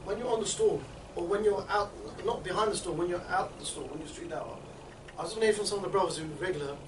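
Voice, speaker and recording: Guy running an outreach training session, talks super fast, kinda high voice, echoey room, mic far off. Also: background noise. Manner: rapid, chatty, keeps checking in with "yeah?" and "right?". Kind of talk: instructional group talk.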